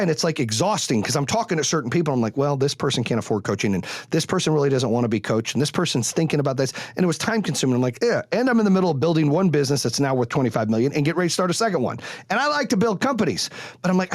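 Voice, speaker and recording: A middle-aged man hosting a podcast, telling his story in a blunt, profane, animated way. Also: on the high side, no room sound, clean studio sound. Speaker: podcast host. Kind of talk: candid monologue.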